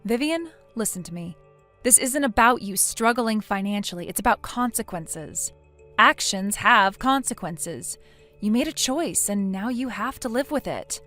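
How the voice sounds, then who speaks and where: A woman's voice: medium pitch, lively intonation, unhurried, sharp tone, faint music behind. A woman voicing a blunt, lecturing female friend. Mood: stern. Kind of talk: text story narration.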